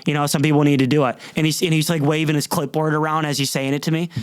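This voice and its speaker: An exasperated man rants on his podcast, cursing freely and tripping over his own restarts. His voice sits a bit high for a man. The sound is close and dry, with no room echo. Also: level tone, fast talker, clear, resonant tone. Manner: profane, exasperated, rambling with many restarts. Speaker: podcast host. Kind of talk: casual storytelling rant.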